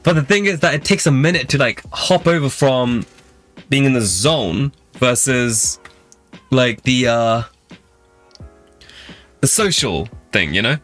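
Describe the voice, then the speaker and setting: London man, casual talk host, meandering anecdotes, soft music underneath. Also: medium pitch, lively intonation, measured pace, pauses often. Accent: London English. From England. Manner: rambling, filler-heavy storytelling. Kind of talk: casual chat with live viewers.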